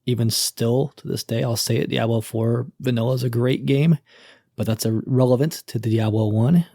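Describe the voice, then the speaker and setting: A man's voice: mid-range voice, fairly even intonation, normal speed, vocal fry, mellow, no room sound, clean studio sound. A man co-hosting a podcast in casual chat, playful and ready to argue his picks. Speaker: podcast co-host.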